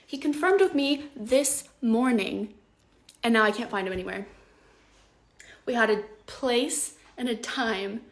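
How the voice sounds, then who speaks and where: A young woman vents straight to camera, exasperated and indignant. She swears freely. Her voice sits a little higher than usual. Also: a little slow. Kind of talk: casual selfie vlog rant.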